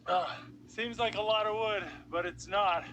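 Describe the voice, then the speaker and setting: A man's voice: sits high, fairly even intonation, a little slow. A man explaining his work in plain, practical terms while outdoors in snowy woods. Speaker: outdoor vlogger. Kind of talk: outdoor narration. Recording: outdoor camera clip with background noise.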